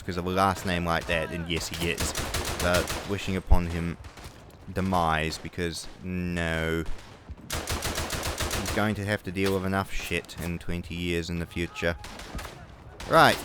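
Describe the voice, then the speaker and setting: A man's voice: low-pitched, fairly even intonation, unhurried, background noise. A young New Zealand man with a New Zealand accent, rambling and swearing through gameplay commentary, with angry outbursts. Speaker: gaming video creator.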